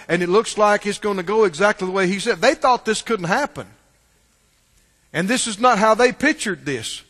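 A man preaching a sermon in church, asking the congregation questions and swinging between loud calls and hushed asides. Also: high-pitched. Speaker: pastor. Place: church sanctuary. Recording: long reverb of a large hall.

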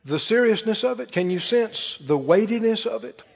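A man preaching a sermon, animated and full of rhetorical questions to the congregation. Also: high-pitched, normal speed, gravelly. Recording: muffled sound with long hall reverb.

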